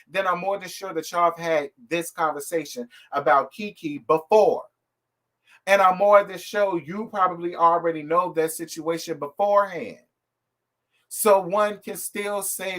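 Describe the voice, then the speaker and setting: A man with a slightly high-pitched voice hosts a live review from his home. He talks in an animated, sassy, gossipy way and keeps calling his viewers y'all and girl. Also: a little slow. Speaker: host of a reality TV live review show. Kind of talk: casual live commentary.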